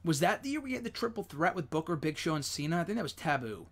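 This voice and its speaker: A young man hosting a live stream, chatting casually and rambling, with plenty of fillers and excited swearing. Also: a little high, fast. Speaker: host.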